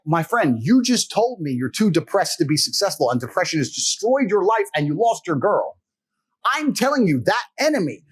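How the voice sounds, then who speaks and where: A man's voice: high voice, slightly rough. A man giving a blunt, profane motivational monologue, lecturing the listener directly and confrontationally.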